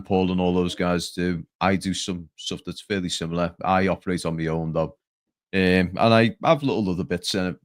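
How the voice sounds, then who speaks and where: A man, a guest fan creator, chatting quickly and then reciting a poem in a steady rhythm. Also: low voice, no room sound, studio quality. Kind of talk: casual chat and reading a poem aloud.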